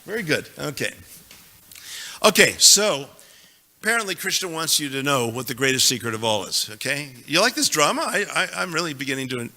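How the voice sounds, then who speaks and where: A man's voice: a little high, very animated, a little fast, sharp tone. Emphatic man lecturing in a reverberant hall. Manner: emphatic, joking asides, recites verses. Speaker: scripture teacher. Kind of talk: lecture on scripture to an audience. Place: temple hall.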